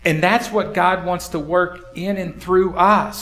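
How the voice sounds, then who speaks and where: A man's voice: high voice, fairly even intonation, slow pace, few pauses, a bit bright. A male pastor preaching a sermon in a church, talking conversationally and asking the congregation rhetorical questions. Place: church sanctuary. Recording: echoey hall.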